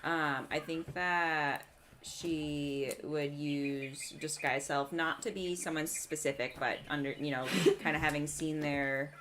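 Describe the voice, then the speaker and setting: A woman's voice: deep voice, fairly even intonation, slow, fairly bright tone, a little hiss or hum. A woman playing a tabletop game, talking casually and wryly about her character. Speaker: player. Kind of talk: casual chat.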